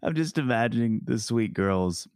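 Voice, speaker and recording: A man's voice: mid-range voice, expressive, normal speed, darkish tone, clean tone, dry recording, clean studio sound. A man co-hosting a podcast, telling long joking stories in casual chat. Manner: joking, rambling storyteller. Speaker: podcast co-host.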